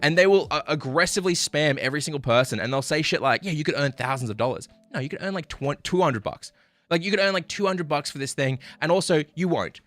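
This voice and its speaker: On a live stream, a man rants fast, frustrated and cursing, then apologizes, lurching from loud outbursts to low muttering. There's no echo on the audio.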